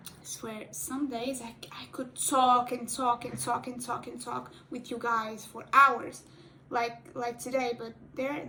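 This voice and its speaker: A woman whose first language is Portuguese chats through her cosplay makeup in a slow, unhurried way. Her voice sits a little high. She rambles, restarts her sentences, and slips into quiet murmured asides, with a faint hiss of room noise behind her. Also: poor audio. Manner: rambling, restarts often, drops into soft asides. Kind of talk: casual chat while doing makeup.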